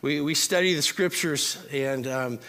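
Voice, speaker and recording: Pastor guy preaching at church, kinda high bright voice, chatty and jokey with the crowd. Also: a little slow. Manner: chatty, joking asides to the congregation. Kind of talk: sermon. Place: church service before a congregation.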